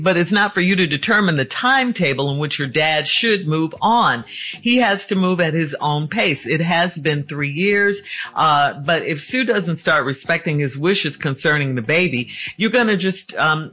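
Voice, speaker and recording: Bright measured male radio co-host. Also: fairly high pitch. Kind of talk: advice and show segue.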